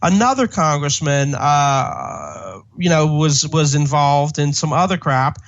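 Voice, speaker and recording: Man calling in remote, riled-up political rambling, a little high, muffled lo-fi line. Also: animated. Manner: rambling, halting, indignant. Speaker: radio co-host. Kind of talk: casual political talk radio. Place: remote line from another state.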